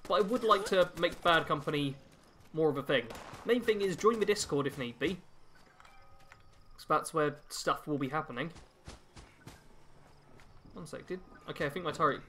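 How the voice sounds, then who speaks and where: A man's voice: fairly high pitch, pushed and bright, a little hiss or hum. Chatty man streaming a game. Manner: chatty, reads chat aloud while playing. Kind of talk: casual live-stream commentary.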